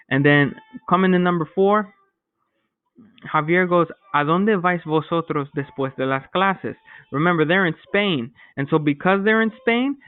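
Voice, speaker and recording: A man's voice: a little high, no echo. Casual man teaching a Spanish class. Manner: casual, joking, explains step by step. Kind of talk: recorded remote language lesson. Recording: dry, phone-like lo-fi sound.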